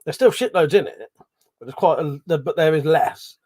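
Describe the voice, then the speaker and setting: A man's voice: on the high side, lively intonation, normal speed, a little mellow. A middle-aged man hosting a casual livestream, reading chat messages aloud, swearing freely, laughing and mumbling asides. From Britain.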